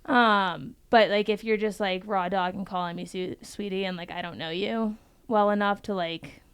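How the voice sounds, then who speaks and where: A woman's voice: mid-range voice, fairly even intonation, normal speed, clean tone. A young woman talking bluntly and emphatically on a casual podcast panel, swearing freely.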